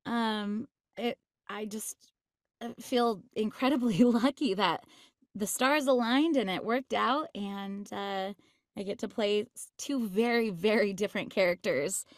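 A woman's voice: medium pitch, unhurried, dry recording, clean studio sound. A woman voice actress chatting in an interview, bubbly and laughing often, with many fillers. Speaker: voice actress guest. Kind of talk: casual interview chat.

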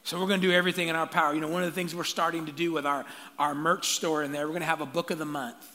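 A male pastor preaching a sermon with energy, calling out to the congregation for answers and building to shouts. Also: on the high side, racing. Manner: energetic call-and-response preaching, rising to shouts. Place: church sanctuary. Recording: long reverb of a large church hall.

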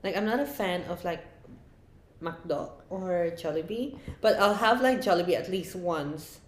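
A woman's voice: on the low side, unhurried. A woman co-hosting a podcast, chatting in an easygoing way and explaining things to listeners. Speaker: podcast co-host. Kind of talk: casual chat. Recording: echoey room.

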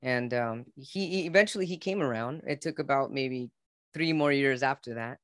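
A man speaks as a guest on a podcast, recounting his own life with earnest, open emotion. His voice sits at an ordinary middle pitch for a man. The recording is close and dry, with no room sound around it. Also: normal speed, no room sound. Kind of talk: heartfelt personal storytelling.

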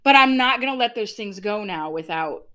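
Podcast co-host, woman, 50s, bright and candid, laughs a lot. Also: medium pitch, animated, normal speed. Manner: candid, laughs often, acts out past dialogue. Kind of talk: casual chat.

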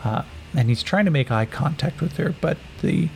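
A man narrating a solo tabletop game and rolling on tables, in a relaxed way with many fillers. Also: a little high, moderate pace, gravelly, a little hiss or hum, poor audio.

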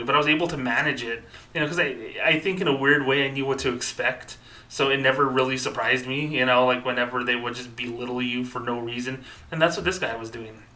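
A man's voice: medium pitch, bright, forceful tone, far from the mic, poor audio. A man in his thirties hosting a podcast, talking in an upset, earnest way with many fillers and restarts. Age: 30s. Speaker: podcast host. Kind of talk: personal podcast monologue.

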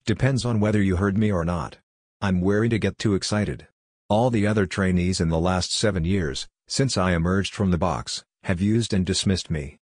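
A man's voice: sits low, normal speed, darkish tone, no echo. A man voicing a sardonic, teasing talking rice cooker in a storybook reading. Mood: wry. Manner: dry, teasing, chiding.

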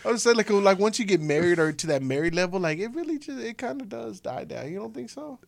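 Give me a high-pitched man bantering on a podcast, slangy and quick to laugh, recorded dry and close. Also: lively intonation, creaky, no room sound. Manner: joking, laughs often, slangy. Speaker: podcast co-host.

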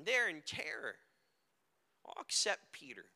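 A male preacher giving a dramatic sermon, moving between hushed and loud delivery. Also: a little high, huge pitch swings, unhurried. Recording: echoey hall with long reverb.

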